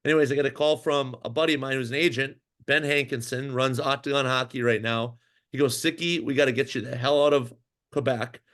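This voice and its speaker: A Minnesota man, once a pro hockey goalie, talks briskly in a mid-range voice while telling a long story in a casual interview. His storytelling is animated and wandering, with lots of fillers and restarts.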